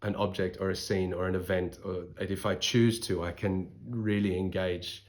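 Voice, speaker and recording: A man in his forties with a softened Australian accent, giving thoughtful, articulate interview answers. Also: low voice, normal speed. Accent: Australian, softened by voice training. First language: English. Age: 40s. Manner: thoughtful, articulate, lively with restarts.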